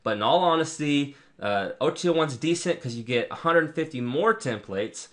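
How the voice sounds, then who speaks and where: Chatty man reviewing software, full of ums. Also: a little high, lively intonation, normal speed. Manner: rambling and chatty, many ums and restarts. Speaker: product reviewer. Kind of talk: casual screen-share software review.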